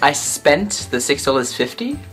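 A young man, trading dry, deadpan quips with a friend. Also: medium pitch, unhurried, soft background music. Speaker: vlog guest. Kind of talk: casual chat.

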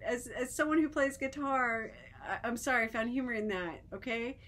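Woman vlogger, slightly high voice, giggly, chatty, lots of fillers and restarts. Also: moderate pace. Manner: giggly, animated, breaks into laughter. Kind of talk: casual storytelling to camera.

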